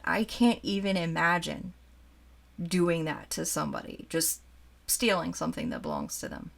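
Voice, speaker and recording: A woman in her forties who collects dolls, telling a childhood story in a chatty, animated way while showing a doll to the camera. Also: fairly low pitch, normal speed, creaky. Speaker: doll collector and channel host. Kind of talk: casual storytime chat.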